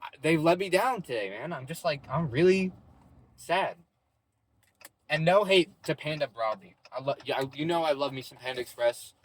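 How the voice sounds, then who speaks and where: A man's voice: on the high side, lively intonation, moderate pace. A young man vlogging from his parked car in a parking lot, chatting loosely and casually, full of "bro" and "like". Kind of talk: casual rambling vlog chat.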